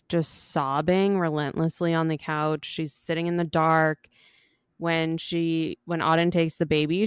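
An easygoing woman recaps a book on a podcast, slipping quick acted-out quotes into her retelling. Her voice sits low and sounds smooth and clear. It is dry and close to the mic. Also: dry recording. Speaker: podcast co-host.

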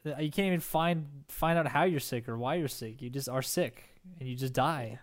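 Young man, casual podcast chat, rambling, hesitant, frequent restarts, mid-pitched voice. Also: normal speed. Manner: rambling, hesitant, restarts often while improvising. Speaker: podcast co-host.

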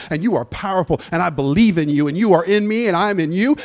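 A man preaching a sermon in a church, animated and storytelling, breaking into shouted excitement. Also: high-pitched, fast, hardly any pauses. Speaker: pastor.

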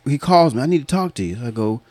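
A man's voice: medium pitch, lively intonation, fast, a little mellow, dry recording. A man hosting a podcast, telling a long story in a casual, profane way and laughing often. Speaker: podcast host.

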